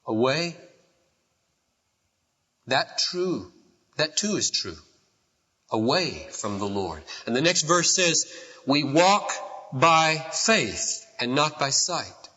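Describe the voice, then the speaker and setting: A man's voice: a little high, lively intonation, slow pace, long pauses. Older male preacher in a big hall. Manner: impassioned, swings from quiet to shouting. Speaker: pastor. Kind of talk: sermon. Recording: dull recording in a large hall.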